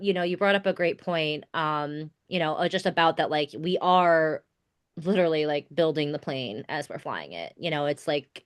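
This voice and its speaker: A woman hosting a podcast interview in a casual, chatty way, laughing often and filling her talk with many filler words. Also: on the low side. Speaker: podcast host.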